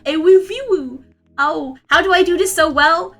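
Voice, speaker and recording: A squeaky, babyish uwu girl voice, as a woman puts it on for a live stream, pitched way up and bright. It is giggly and sing-song, with faint music playing behind. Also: unhurried, full character voice. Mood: cutesy. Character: cutesy baby-talk uwu girl voice.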